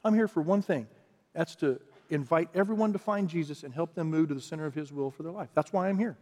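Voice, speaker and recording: Higher-voiced male pastor in a reverberant hall. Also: quick pace, darkish tone. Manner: conversational preaching, builds to emphatic repeated phrases. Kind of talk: sermon. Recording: long reverb from a large hall.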